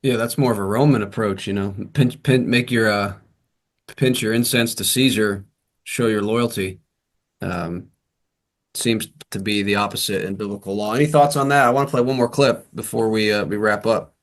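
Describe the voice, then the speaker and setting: A man's voice: lowish voice, normal speed. A man hosting a panel discussion, steadily guiding the talk and introducing clips. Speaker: podcast host.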